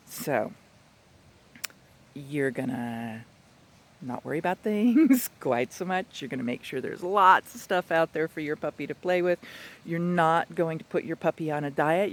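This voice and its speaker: A man working as a dog trainer, giving an instructional talk in a chatty, animated way with playful asides. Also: fairly high pitch, moderate pace.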